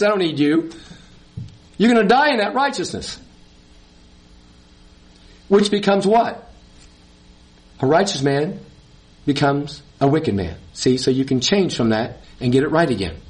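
A man preaching a sermon, reading scripture and stressing points with repeated words and short laughs. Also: on the high side.

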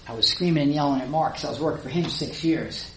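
A middle-aged woman giving a personal testimony in a church hall, telling her story with lively acted-out dialogue. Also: deep voice, fast. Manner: animated storyteller who acts out her own past dialogue. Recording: roomy echo, faint background noise.

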